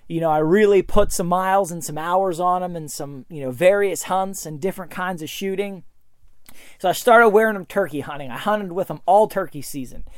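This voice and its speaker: A man's voice: high-pitched, no echo, clean studio sound. Enthusiastic man telling a hunting story. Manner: enthusiastic, storytelling, repeats words. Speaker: hunter reviewing hearing protection earbuds. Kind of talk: casual product review.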